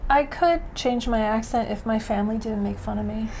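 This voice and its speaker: A woman yarn dyer talks as a guest in a casual interview, choosing her words slowly and carefully. Her voice is fairly high, with a faint hiss behind it. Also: darkish tone. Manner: measured and thoughtful, slow and careful.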